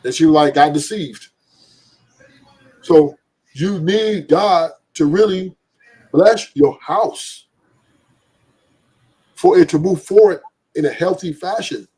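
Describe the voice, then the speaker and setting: A man, a guest in a casual debate, who talks in a laid-back way and slows down to stress a point. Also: fairly high pitch, darkish tone, husky, low-quality recording.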